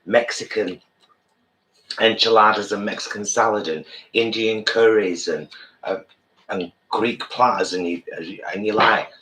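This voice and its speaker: Man, co-host of a live-stream meal chat, low bright voice, jokey and warm-hearted. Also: steady tone, a little slow. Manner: playful, jokey, affectionate. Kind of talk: casual live-stream chat while eating.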